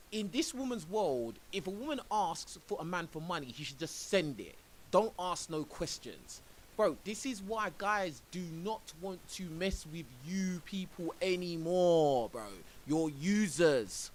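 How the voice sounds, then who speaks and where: A man's voice: sits high, lively intonation, unhurried, rough recording. A man streaming and reacting to a clip, ranting indignantly and saying "bro" a lot. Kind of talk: reaction commentary on a livestream. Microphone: own microphone. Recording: faint hiss.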